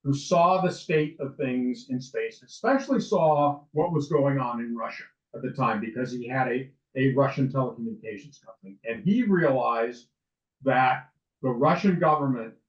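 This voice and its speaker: A man's voice: medium pitch, moderate pace. A man in his sixties, a lawyer and interview guest, telling stories in a rambling way with many restarts and fillers. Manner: rambling, with frequent restarts and ums. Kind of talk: casual interview storytelling. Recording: distant, roomy, dull sound.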